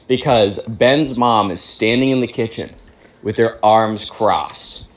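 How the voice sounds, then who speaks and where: A man casually retelling a comedic story, animated and full of "like". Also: on the low side, slow, poor audio.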